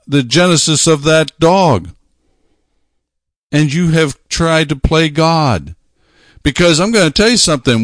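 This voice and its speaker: A man preaching a sermon, talking emphatically, repeating phrases and slowing down to stress his points. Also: on the high side, no room sound, clean studio sound.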